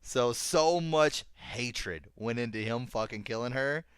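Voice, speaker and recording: A man's voice: medium pitch, unhurried, smooth, no room sound, clean studio sound. A man hosting a casual anime review chat, swearing freely and getting worked up as he retells scenes. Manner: excited, profane, retells scenes with voices. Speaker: podcast host.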